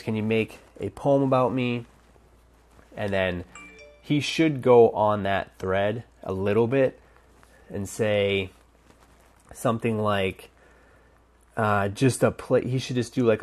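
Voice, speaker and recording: Man, dating coach, lowish voice, casual advice, rambling, thinking aloud. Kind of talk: casual instructional talk.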